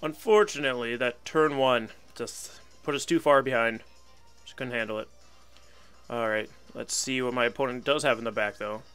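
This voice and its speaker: Young guy narrating his game match, bright sharp voice, laid back and a bit resigned, faint music behind. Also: medium pitch, moderate pace, smooth. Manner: casual, wry and resigned, laughs at himself. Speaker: gaming channel host. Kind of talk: live gameplay commentary.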